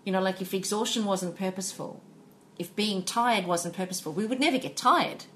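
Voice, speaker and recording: A woman's voice: medium pitch, a little fast, fairly bright tone, slight background noise. A woman co-hosting a podcast, speaking earnestly and philosophically in casual chat, repeating herself for emphasis. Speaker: podcast co-host.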